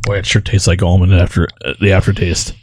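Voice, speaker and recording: A man's voice: deep voice, little pitch movement, fairly quick, slight background noise. A man co-hosting a podcast, chatting casually about snacks and laughing easily. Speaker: podcast co-host. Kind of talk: casual chat tasting snacks.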